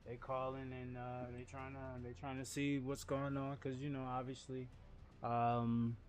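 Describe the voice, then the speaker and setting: Soft music plays behind a medium-pitched man who speaks in an unhurried way. He's a game streamer from New Orleans, Louisiana, rambling through a casual livestream chat, repeating and restarting words while telling stories animatedly and laughing.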